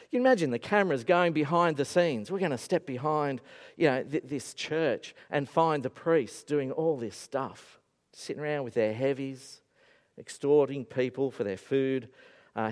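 A male preacher giving an animated, storytelling sermon in a church. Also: mid-range voice. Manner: animated storytelling with acted-out voices. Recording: echoey hall.

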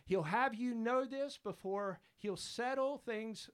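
A man's voice: very high-pitched, slow pace, clean tone. A man preaching a sermon as pastor, fervent and emphatic, repeating his exhortations.

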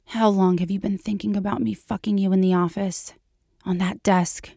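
A woman voicing a smug, domineering grown man, speaking low, slow and quietly with a mocking edge. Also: level tone, vocal fry, no room sound, studio quality. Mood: derisive.

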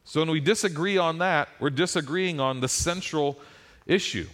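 A man's voice: fairly high pitch, normal speed. A middle-aged man, a pastor, preaching a sermon and telling stories with rising emphasis. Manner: animated storytelling with rising emphasis.

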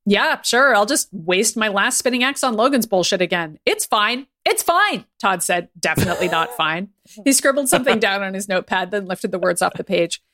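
A woman's voice: medium pitch, brisk, a bit bright. Playful woman reading comic fan fiction. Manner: playful, laughing. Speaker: podcast co-host.

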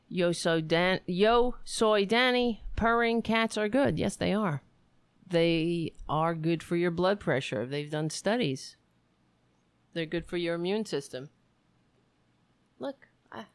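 A woman's voice: fairly low pitch, clear, resonant tone, no echo. A woman hosting her own live-streamed talk show, rambling through a casual monologue, swearing freely and poking fun at herself. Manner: animated, digressive, swears freely, self-mocking.

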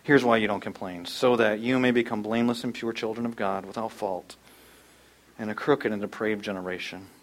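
A man preaching a sermon, animated, acting out quoted voices in loud, high bursts. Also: brisk. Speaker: pastor.

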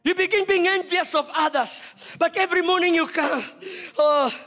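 A man preaching a sermon as pastor, swinging from loud shouts to quiet, low lines. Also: steady tone, brisk, faint music behind. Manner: preaching with sudden shouts and soft drops. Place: church.

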